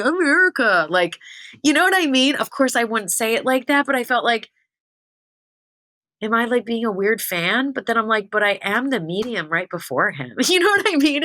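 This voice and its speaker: A woman podcast host and spiritual medium telling a story in a casual, chatty way, with lots of "like" and giggles. Her voice jumps up high when she gets excited. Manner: chatty, giggly, heavy use of "like".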